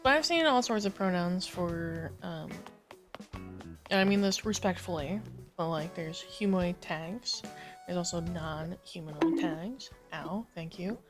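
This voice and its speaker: A woman with a lowered morning voice hosting a livestream, chatting casually while she plays a game, easygoing and rambling with many fillers. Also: a little slow, faint music behind. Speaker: livestream gamer host.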